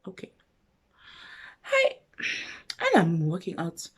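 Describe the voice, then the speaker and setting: A young South African woman vlogger telling a personal story in a casual, animated way, acting out both sides of a conversation. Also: on the low side, takes it slowly, slightly rough.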